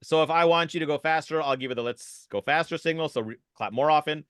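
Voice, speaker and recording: A man, a podcast guest and improv keynote speaker, explaining an exercise with animated energy over a video call. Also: on the high side, clear, resonant tone, no echo. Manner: animated, fast-talking.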